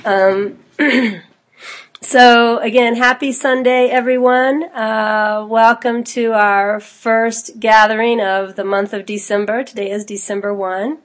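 A woman with a cold, her voice low and husky. She hosts an online spiritual gathering from a computer at home, talking in a loose, chatty way full of fillers and small asides. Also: steady tone, slow pace. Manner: chatty, informal, with frequent fillers and small laughs. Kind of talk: casual address to an online group.

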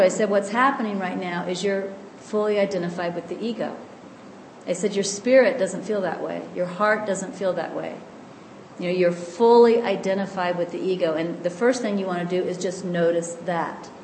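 A woman giving a calm, gentle spiritual teaching, explaining and slowing down to stress key lines. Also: lowish voice. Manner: calm, gentle and explanatory, often slows for emphasis. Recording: echoey room with faint background noise.

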